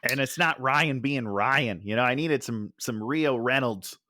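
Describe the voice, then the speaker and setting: A man's voice: mid-range voice, measured pace, pushed and bright, a little hiss or hum. A man co-hosting a casual movie podcast, making wry, teasing remarks in short replies. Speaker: podcast co-host.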